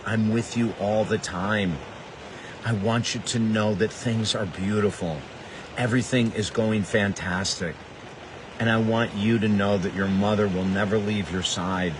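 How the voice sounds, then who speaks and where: A man voicing his loving elderly mother, speaking softly, slowly and soothingly. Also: on the low side, steady tone, background noise, close to an everyday voice. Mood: tender. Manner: soft, slow and soothing.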